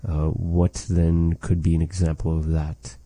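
A man leads a language lesson in an unhurried, methodical way, repeating each phrase and then explaining it. His voice is low and very dark, and the recording is dry and close. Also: monotone, no room sound. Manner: repeats phrases slowly and explains them carefully. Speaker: language teacher. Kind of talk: slow, patient language lesson.

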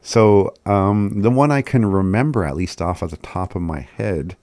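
A man with a very low voice gives a relaxed language lesson, breaking words into syllables and repeating them unhurriedly. He chuckles at himself often, and the recording is close and dry. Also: a little slow, vocal fry, no room sound. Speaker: language teacher.

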